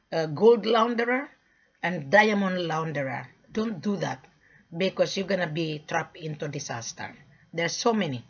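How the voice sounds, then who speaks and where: Husky woman with a lilt. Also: fairly low pitch. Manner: storytelling, acts out both sides of conversations; frequent throat clearing. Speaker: gold and diamond sales mandate. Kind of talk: casual monologue. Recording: dull lo-fi recording.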